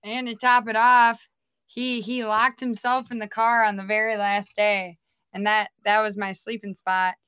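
A woman tells blunt stories with a wry edge. Her voice is bright, smooth and resonant. The recording is dry and a little dull, with a lo-fi edge. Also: mid-range voice, level tone, a little slow, dry recording. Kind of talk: casual chat. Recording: dull lo-fi sound.

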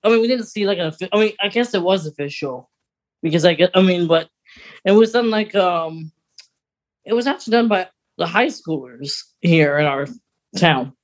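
A young man co-hosting a podcast, chatting casually in a rambling way with quick laughs. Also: sits high, animated. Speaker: podcast co-host. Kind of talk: casual chat.

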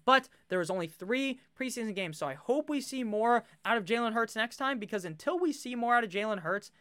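Bright, high-voiced young man talking fantasy football. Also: brisk, clean tone, no echo, studio quality. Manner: animated, swears freely, rambling asides. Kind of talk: casual draft commentary to camera.

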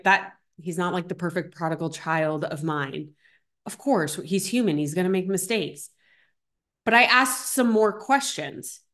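A middle-aged woman hosting a podcast, telling stories in a chatty, animated way with lots of fillers. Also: medium pitch. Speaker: podcast host. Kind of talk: casual solo podcast talk.

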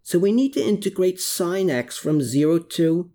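A narrator voicing a determined, obsessed man searching a cellar, pitched above their own voice and growing urgent. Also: animated, normal speed, dark tone, lightly acted.

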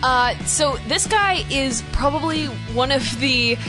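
A woman's voice: high-pitched, animated, takes it slowly, music in the background. A woman co-hosting a casual podcast, teasing and giggly. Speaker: podcast co-host.

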